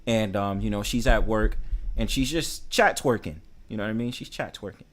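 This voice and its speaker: A man's voice: on the low side, normal speed, a bit bright. A man with a New York accent hosting a casual livestream panel, teasing and bantering as he talks. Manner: bantering, repeats "you know what I'm saying".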